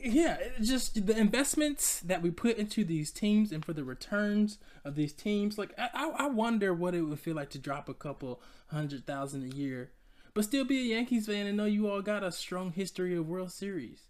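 A podcast host from Georgia, riffing in a casual solo monologue. The delivery is chatty and playful, with frequent laughter, and it is pitched right at the listeners. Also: animated, moderate pace, darkish tone. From Georgia, USA.

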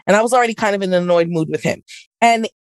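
A woman's voice: medium pitch, very fast, no echo. A woman hosting a podcast, chatting casually and acting out both sides of an argument as she tells a story. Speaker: podcast host. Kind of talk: casual chat.

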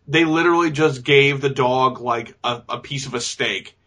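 A man's voice: mid-range voice, steady tone, moderate pace, hardly any pauses, sharp tone. A man co-hosting a casual movie review, sarcastically mocking scenes and acting out lines in goofy voices. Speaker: podcast co-host.

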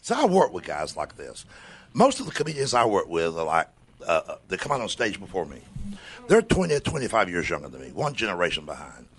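Older man, comedian, husky, very lively pitch, wry grumbling. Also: brisk. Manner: drawling, wry, grumbling, lively with mock voices. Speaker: comedian guest. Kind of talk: comic storytelling on a radio talk show. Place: radio studio.

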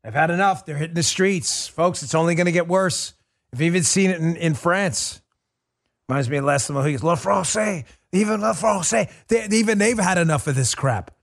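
A man's voice: on the high side, brisk. A man hosting a political podcast, delivering an emphatic, indignant commentary monologue that repeats its points.

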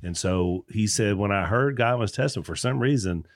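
A man's voice: on the low side, a little fast, dry recording, clean studio sound. A man hosting a podcast, talking earnestly with many restarts. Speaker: podcast host. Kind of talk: casual conversation.

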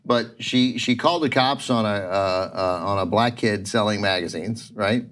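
A man's voice: fairly low pitch, moderate pace, fairly bright tone. A man hosting a podcast, telling a rambling story in casual chat, laughing often and acting out what people said. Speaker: podcast host.

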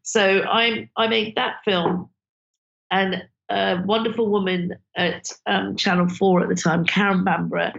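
A woman, a filmmaker guest telling animated stories in an interview and acting out the people she quotes. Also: mid-range voice, measured pace, gravelly, lo-fi sound. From Britain. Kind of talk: conversational interview storytelling.

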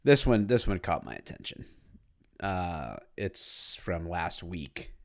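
A man's voice: low-pitched, slow pace, vocal fry. A man who is a former police officer, co-hosting a podcast in casual chat and laughing often as he tells stories. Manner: laughs often, animated storytelling.

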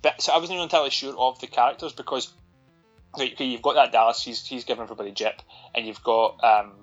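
A man's voice: medium pitch, fairly even intonation, quick pace, lo-fi sound, soft background music. A Scottish man co-hosting a podcast, recapping a film in a sweary, sardonic, rambling way. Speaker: podcast co-host. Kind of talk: casual film-review chat.

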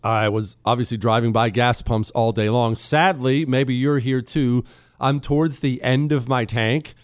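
A male talk radio host with a voice worn hoarse, delivering a blunt, sarcastic monologue. His pitch sits mid-range for a man, and the studio sound is close and dry with no room around it. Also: fairly even intonation, unhurried, no room sound. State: losing his voice. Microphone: studio microphone.

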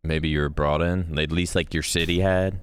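A man's voice: a bass voice, fairly even intonation, moderate pace, clean tone. A man in casual chat, laid-back, mostly putting in short remarks. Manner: laid-back, brief interjections. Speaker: podcast host.

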